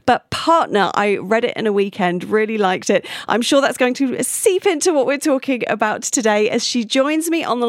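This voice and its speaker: A woman's voice: on the high side, no room sound, studio quality. A woman hosting a show, chatty and laughing easily as she interviews a guest. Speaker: radio show host.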